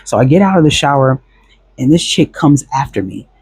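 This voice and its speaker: A man's voice: mid-range voice, expressive, fairly quick, a little mellow, slightly rough, no room sound. A man recounting a past relationship in a casual, rambling storytelling monologue, full of fillers and restarts.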